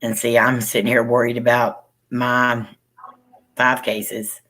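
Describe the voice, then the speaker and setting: This is a man co-hosting a relaxed livestream chat with his viewers. He talks slowly and easily, spelling words out letter by letter and laughing often as he chats. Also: medium pitch, rough recording. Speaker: livestream co-host.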